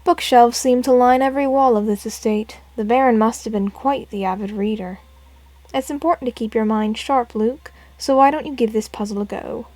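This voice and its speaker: A woman voicing a calm, thoughtful male professor in a puzzle game, in her own voice without an accent. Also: on the high side, normal speed, no room sound, natural voice.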